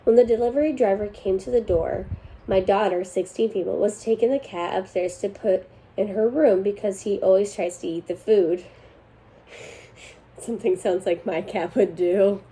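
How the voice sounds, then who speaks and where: Mellow-voiced young woman reading posts. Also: mid-range voice, moderate pace, low-quality recording. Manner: chatty, laughs between lines. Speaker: host reading online posts. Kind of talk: casual chat reading forum stories aloud.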